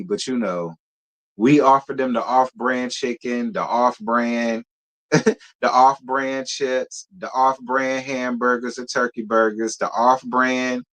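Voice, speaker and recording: A man hosts a casual live stream and talks straight to his viewers. He is sassy and animated, with a mid-range voice. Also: medium pitch, normal speed. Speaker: live show host.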